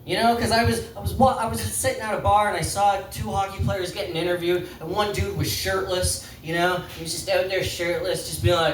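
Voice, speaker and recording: A man doing a stand-up set in a pub, rambling and halting in a self-deprecating way. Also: sits high, steady tone, a little hiss or hum. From Canada. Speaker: stand-up comedian. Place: pub comedy stage. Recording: roomy pub, distant mic, crowd laughter. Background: audience laughter.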